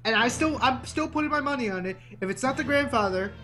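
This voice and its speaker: A woman chatting playfully while playing a video game with a friend, thinking out loud about the story. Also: fairly high pitch, expressive, fast, faint music behind. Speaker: game player. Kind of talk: casual gameplay chat.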